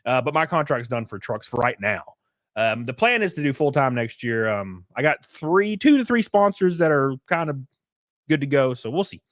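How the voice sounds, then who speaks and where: A man's voice: medium pitch, lively intonation, moderate pace, dry recording, clean studio sound. A young man chatting casually on a livestream, rambling and jokey, with frequent profanity. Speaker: streamer.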